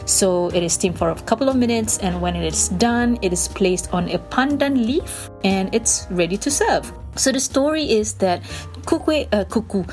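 A woman hosting a casual podcast lesson from a small home studio. She is playful and giggly and repeats phrases slowly for learners. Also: mid-range voice, expressive, darkish tone, faint music behind. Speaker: podcast host teaching language phrases.

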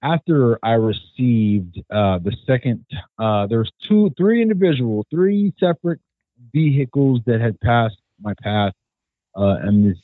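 A man from California, a guest on a podcast, talking earnestly and carefully with many fillers and pauses. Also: medium pitch, very animated, no echo. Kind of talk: casual podcast conversation. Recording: thin phone-like sound.

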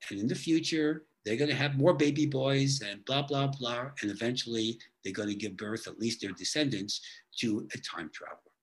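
Speaking at a moderate pace in a mid-range voice, a therapist and author guesting on a podcast interview recounts case histories of his clients. His manner is conversational, and he frequently ends sentences with "okay?".

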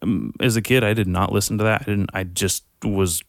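A man's voice: fairly low pitch, steady tone, a little fast, vocal fry, no echo, clean studio sound. A young man hosting a podcast, rambling and ranting in a casual monologue, swearing constantly and sounding exasperated. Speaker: podcast host.

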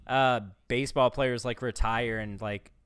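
A man's voice: medium pitch, steady tone, unhurried, a bit bright, smooth, no room sound. A man co-hosting a podcast, talking sports in a rambling, casual way with lots of "like" and swearing. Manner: rambling, swears freely, fillers like "like". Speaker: podcast co-host.

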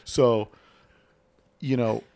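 A man's voice: mid-range voice, steady tone, very slow, gravelly, warm tone, no room sound. A man hosting a casual chat about classic cars, rambling and laughing as he acts out voices in his stories. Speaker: show host. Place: Las Vegas.

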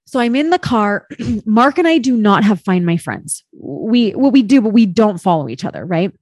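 A woman telling a personal story in casual chat as a podcast guest, candid and expressive, swearing freely and filling her speech with "like". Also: medium pitch, moderate pace, no room sound, clean studio sound.

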